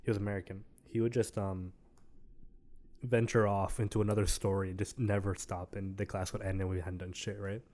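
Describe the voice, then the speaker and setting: A man's voice: low voice, fairly quick. A young man co-hosting a casual podcast, telling a story and acting out the other people's lines. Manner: animated storyteller acting out quotes. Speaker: podcast co-host. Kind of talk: casual chat.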